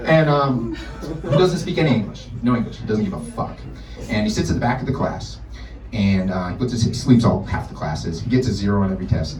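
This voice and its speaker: A young American man doing stand-up in a bar, with profane, animated storytelling. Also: medium pitch. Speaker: stand-up comedian. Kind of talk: stand-up set. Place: bar in front of a live audience. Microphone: distant room recording. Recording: echoey bar, distant mic, loud ambience.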